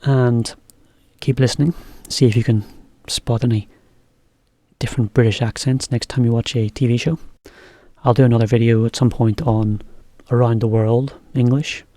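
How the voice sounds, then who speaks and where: Brief: male English teacher, casual chatty lesson, mellow tone, mid pitch, dry sound. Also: dry recording. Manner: relaxed, chatty, explains as he goes.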